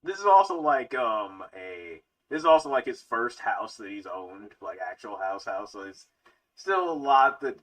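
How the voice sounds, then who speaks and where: A man's voice: on the low side, very animated, measured pace, a bit bright, rough recording. A man chiming in during a casual livestream chat, hesitant and full of fillers.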